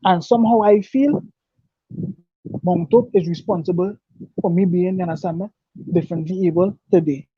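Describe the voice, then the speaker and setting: A man giving an earnest, halting personal testimony, repeating and restarting his words. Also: high voice, fairly even intonation, slightly rough, no echo. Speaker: guest telling his life story. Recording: dull dry lo-fi recording.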